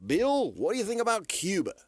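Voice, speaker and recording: A man's voice: sits high, a little fast, slight background noise. A man co-hosting a sports radio show, talking emphatically and playfully about himself and the games. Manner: emphatic, animated, playful self-assured. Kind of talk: casual sports talk radio banter.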